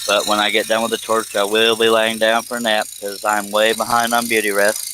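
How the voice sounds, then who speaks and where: A man's voice: fairly low pitch, completely flat delivery, a little fast, background noise. A man hosting a woodworking live stream, chatting casually and joking as he reads viewer comments. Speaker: woodworking livestream host.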